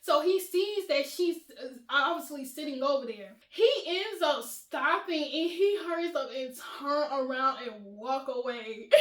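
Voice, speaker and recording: A young woman vlogger telling a casual storytime to her viewers, chatty and animated, often laughing and addressing them as y'all. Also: sits high, measured pace, few pauses. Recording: roomy echo.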